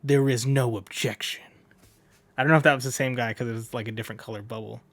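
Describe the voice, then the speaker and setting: A man reading a comic aloud in a loose, chatty way, stopping to fix his slips and laugh at them. His voice sits mid-pitch, close to a desk mic in a dry room. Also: steady tone, rapid-fire, fairly bright tone, no echo. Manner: chatty, self-correcting, laughs at own slips. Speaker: manga reader. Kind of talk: casual manga read-along with commentary.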